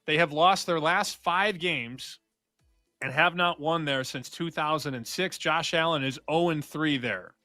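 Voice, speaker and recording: Man, betting co-host, bright forceful voice, dry sound, upbeat, joking. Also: fairly high pitch, a little slow, no room sound, faint music behind. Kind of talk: casual betting talk.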